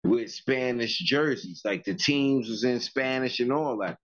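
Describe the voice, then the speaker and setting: A man's voice: mid-range voice, a little slow, a bit bright, highs cut off. A man co-hosting a casual podcast, talking in slangy, emphatic bursts. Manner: slangy, emphatic, keeps saying "yo, listen". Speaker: podcast co-host. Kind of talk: casual chat.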